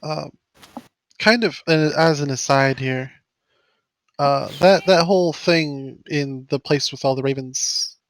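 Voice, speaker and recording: Higher-voiced curious player. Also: male voice, takes it slowly, no room sound. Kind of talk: casual chat.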